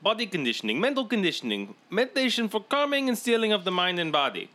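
A man's voice: very animated, fast, bright, forceful tone, heavily acted. A man voicing a mock Eastern European storybook man with a put-on accent, declaiming an oath. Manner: overblown, declaiming, pitched up.

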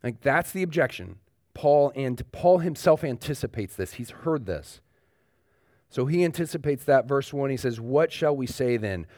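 A man's voice: mid-range voice, lively intonation, moderate pace, a little mellow, no echo. A male pastor delivers a sermon in an easy, conversational way, hammering points through repetition and peppering his talk with fillers and restarts. His voice sits in a middle register and sounds dry and close, with little room sound around it. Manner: conversational preaching with emphatic repetition; loose, frequent "like" fillers and restarts. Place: church sanctuary.

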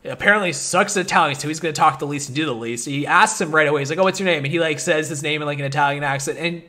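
A man chatting about films on a casual podcast, his voice sitting a bit high. He rambles, stacks up fillers and grows animated as he goes. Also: racing. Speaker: podcast host. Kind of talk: casual movie podcast chat.

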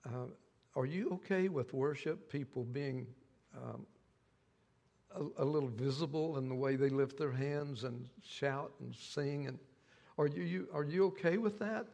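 An older man preaching a sermon as pastor, telling a story in a halting way and often repeating his words. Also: mid-range voice, vocal fry, a little mellow, long reverb tail.

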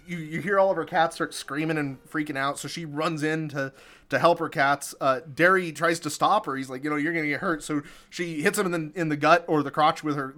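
A man's voice: on the high side, a bit bright. A man casually recapping a movie on a podcast, chatty and amused, laughing often. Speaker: podcast co-host recapping a film. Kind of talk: casual chat.

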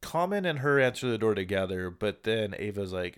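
A man with a fairly low voice recaps a movie on a casual podcast. He talks in an animated, storytelling way, acting out lines and tossing in sarcastic questions. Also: a little fast, clean tone. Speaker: podcast co-host.

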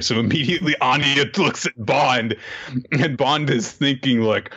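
A man co-hosting a casual chat, laughing often and acting out characters in high voices. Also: normal speed, fairly bright tone, lo-fi sound. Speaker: podcast co-host. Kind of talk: casual chat recapping manga.

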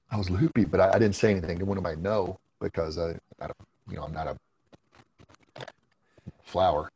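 A man with a very low, gravelly voice tells long, rambling stories in a casual interview chat. He laughs often and swears freely, and faint noise sits behind him. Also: fairly even intonation, fairly quick, pauses often, darkish tone, poor audio. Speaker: guest, former wrestler.

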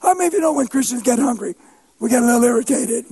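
A man with a strikingly high voice preaches a sermon through a story. He is animated and funny, and often swells into shouts to drive a point home. He pokes fun at himself as he goes. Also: very fast, husky. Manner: animated, shouts for emphasis, playful self-mocking humor.

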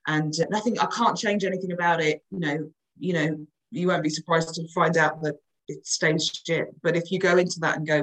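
A woman's voice: sits low, a little fast, low-quality recording. A woman, chatting frankly as a coach on a podcast. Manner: chatty, frank, lively storytelling. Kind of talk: casual podcast chat.

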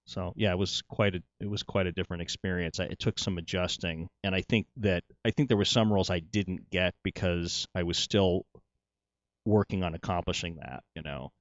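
A man's voice: low voice, brisk, dry recording, dull audio. A middle-aged male actor telling his story in a casual interview, rambling, with many restarts and "you know"s.

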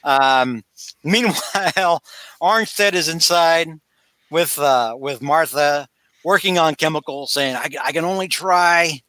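A man hosting a casual podcast chat, recapping a story in an animated way and acting out the characters' lines. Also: on the high side, slow pace, no room sound. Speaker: podcast co-host recapping a comic.

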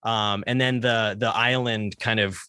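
A man's voice: fairly low pitch, fairly even intonation, unhurried, pushed and bright, smooth, dry recording, studio quality. A man hosting a podcast in casual chat, laughing often and restarting his sentences. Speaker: podcast host. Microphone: remote call over the internet.

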